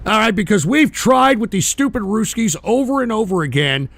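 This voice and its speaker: A combative male host of a live political talk stream, cursing and barking back at trolls. His voice sits high and gravelly. It swings widely in pitch as he rants. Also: expressive, moderate pace. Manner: profane, combative, shouts at trolls. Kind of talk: ranting live political commentary.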